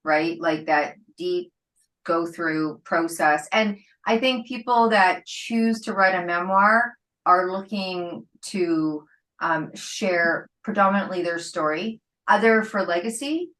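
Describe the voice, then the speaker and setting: A woman's voice: on the low side, slow pace, a bit bright, distant mic, poor audio. A woman hosting a podcast interview, speaking reflectively and often checking agreement with "right?". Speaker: podcast host. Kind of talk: casual interview chat.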